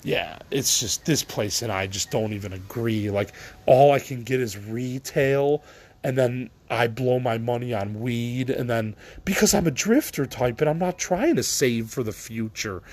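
A middle-aged man with a mid-range voice hosts a solo podcast at an unhurried pace. He vents in a tired, rambling fashion, trailing off and starting over, swearing casually as he goes.

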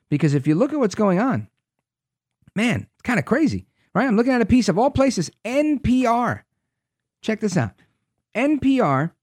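A man's voice: high-pitched, dry recording, studio quality. A man hosting a talk radio show, reading news aloud with sarcastic asides.

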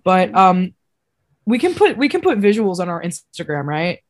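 A young woman co-hosting a casual podcast over a video call, telling a rambling, animated story. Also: lowish voice, normal speed. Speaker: podcast co-host. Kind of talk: casual chat.

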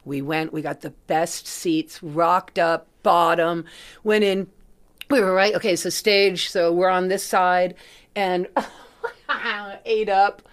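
A woman's voice: lowish voice, slow pace, clear, resonant tone. A woman guest on a podcast, telling an anecdote in casual chat, often breaking into laughter and acting out what people said. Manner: animated, laughing often, acts out quotes. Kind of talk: casual storytelling.

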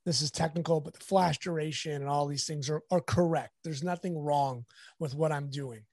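A man, a sports photographer, telling a candid anecdote with lively asides in a casual interview. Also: a little high, normal speed, no echo, clean studio sound.

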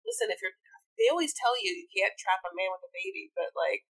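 A woman's voice: mid-range voice, big pitch swings, fairly quick, a bit bright, slightly rough. A woman co-hosting a casual podcast, rambling through a reality show recap with many fillers. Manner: rambling, lots of "like" fillers, easygoing. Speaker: podcast co-host.

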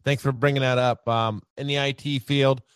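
A man appearing as a podcast guest, talking in an animated casual way, laughing often and tagging sentences with "right" and "you know". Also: mid-range voice, moderate pace, clean tone, no room sound, clean studio sound. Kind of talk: casual chat.

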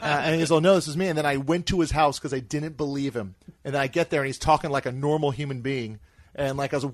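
A man's voice: mid-range voice, quick pace, dry recording. A man hosting a podcast, rambling and joking in casual chat. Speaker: host.

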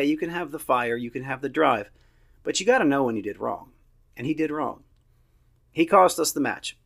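Here a man in his thirties hosts a soccer podcast alone, giving a casual, opinionated match review with offhand swearing and a relaxed, from-the-couch feel. His voice is creaky and fairly bright, pitched in the usual middle range for a man.

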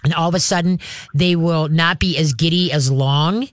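A man hosting a call-in radio show, giving dog training advice in a chatty, halting way, often acting out voices of dogs and owners. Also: fairly high pitch, no room sound.

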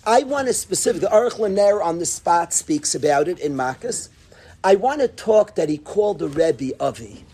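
A man teaches an informal Torah class in a high-pitched, husky voice at a moderate pace. He's animated, acting out dialogues, laughing and repeating his phrases.

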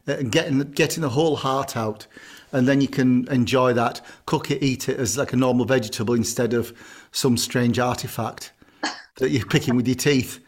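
A man's voice: mid-range voice, fairly even intonation, normal speed. A man, co-hosting a podcast in casual chat, blunt and jokey with casual swearing. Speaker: podcast co-host, chef.

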